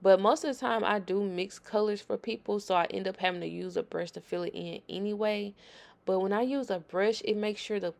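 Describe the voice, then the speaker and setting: A woman's voice: medium pitch, fairly even intonation, a little fast, creaky, a little mellow. A woman hosting a nail tutorial, talking viewers through her work in a chatty, emphatic voice-over.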